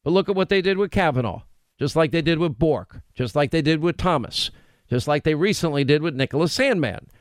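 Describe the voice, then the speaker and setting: A middle-aged man with a New York accent hosting a talk radio show, emphatic and quick, often breaking off mid-sentence. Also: on the high side, no echo. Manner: emphatic, rapid, self-interrupting.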